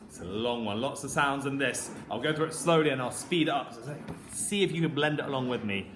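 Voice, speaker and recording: A man's voice: mid-range voice, big pitch swings, moderate pace, a bit bright, slight background noise. Encouraging male teacher sounding out phonics. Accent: British English. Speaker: primary school teacher. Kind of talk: phonics lesson to camera. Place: classroom. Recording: echoey classroom.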